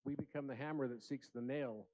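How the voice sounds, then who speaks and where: A man's voice: medium pitch, fairly even intonation, brisk, dark tone. Man delivering an earnest inspirational talk in a big hall; mid-range voice, muffled lo-fi sound. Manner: earnest, storytelling with acted voices. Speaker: conference speaker. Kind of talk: inspirational keynote speech. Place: large conference room.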